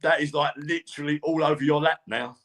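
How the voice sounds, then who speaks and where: A man's voice: a little high, steady tone, a little fast, fairly bright tone. A man appearing as the guest medium on a live online show, chatty and teasing, often stammering at the start of a sentence. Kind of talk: casual live-stream chat.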